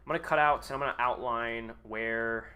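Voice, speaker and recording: A man's voice: medium pitch, steady tone, moderate pace, pushed and bright, clean tone. A man streaming a game live, chatting casually, joking with his chat and swearing a lot while he builds. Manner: swears often, jokes and banters with chat; self-mocking, mutters while building. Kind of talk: casual live gameplay commentary.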